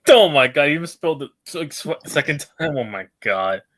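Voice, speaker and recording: A man's voice: on the high side, lively intonation, brisk, fairly bright tone. A man chatting casually on a stream, joking and laughing between lines. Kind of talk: casual gaming stream chat.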